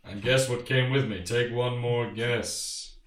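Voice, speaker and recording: A man's voice: mid-range voice, takes it slowly, fairly bright tone, far from the mic. A man playing a showy, boastful band manager who keeps quizzing the listener, in an improvised comedy interview. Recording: echoey, off-mic.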